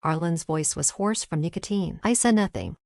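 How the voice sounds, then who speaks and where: A woman narrating a first-person romance story, in a steady, measured way. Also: lowish voice, vocal fry, no echo, clean studio sound.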